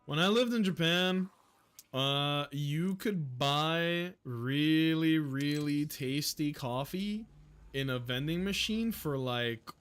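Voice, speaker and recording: Young man, game streamer, slow drawl, slightly high voice, profane, jokey, excited outbursts. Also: clean tone. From United States. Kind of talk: casual gameplay livestream commentary.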